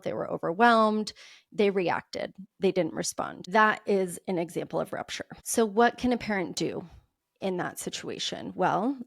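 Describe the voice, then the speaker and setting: A woman hosting a solo parenting podcast, explaining calmly and acting out what a parent might say. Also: on the low side, gravelly, dry recording, clean studio sound. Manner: calm, explanatory, acts out parent quotes. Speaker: podcast host.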